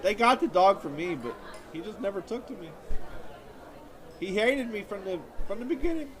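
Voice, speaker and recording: Audience laughter and background noise, including a faint crowd, accompany a man telling whiny, self-pitying stories in a stand-up monologue on stage before a live audience. He has a high, expressive voice and talks at normal speed.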